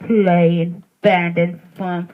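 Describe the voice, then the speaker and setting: A woman's voice: on the low side, flat delivery, drawn-out words, a little hiss or hum. A woman vlogger talking in a rambling, playful casual chat, on a dull lo-fi home recording.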